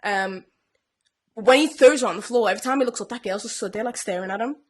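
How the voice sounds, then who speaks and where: A young woman, co-hosting a casual podcast chat and retelling a TV plot with animated energy. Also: fairly high pitch, fast talker. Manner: animated storyteller who acts out characters' lines. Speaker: podcast co-host.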